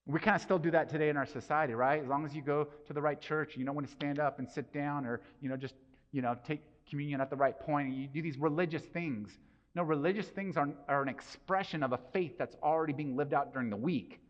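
A man's voice: fairly high pitch, quick pace. A man preaching a sermon in a casual, conversational way, asking the congregation rhetorical questions. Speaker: pastor. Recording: dull sound with long hall reverb.

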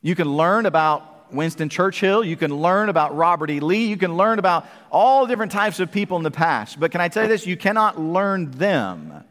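Pastor guy preaching sunday morning, pretty high voice, big reverb from the hall. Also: lively intonation, normal speed, hardly any pauses, a bit bright. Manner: emphatic preaching, asks the congregation questions. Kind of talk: sermon.

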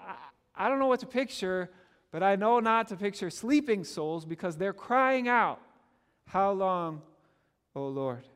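A man preaching a sermon as pastor, earnest and animated, often stammering on repeated words as he pushes a point. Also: a little high, long reverb tail.

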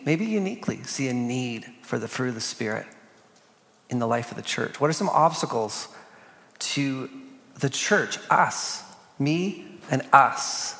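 A man's voice: mid-range voice, gravelly. Earnest man in a reverberant hall. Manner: earnest, reads prayers slowly and softly. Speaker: pastor. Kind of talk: church panel discussion.

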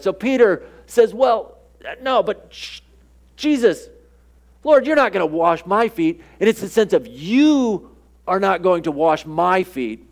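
Male pastor, fairly high voice, conversational sermon that slips into acted-out dialogue. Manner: conversational preaching, acts out quoted dialogue.

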